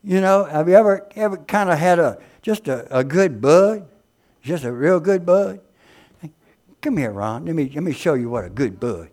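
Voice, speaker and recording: A man preaching a folksy, fervent sermon that swings from quiet asides to loud exclamations. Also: fairly high pitch.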